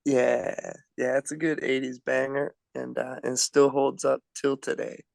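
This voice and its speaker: A man's voice: medium pitch, monotone, a little slow, vocal fry, a little mellow, no room sound. A man co-hosting a casual podcast, upbeat and gushing with enthusiasm. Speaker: podcast co-host.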